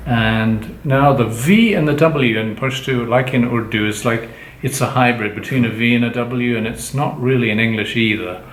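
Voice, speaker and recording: A man teaching pronunciation, explaining slowly and patiently and prompting his partner for examples. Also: medium pitch. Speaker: language teacher. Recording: echoey room with faint background noise.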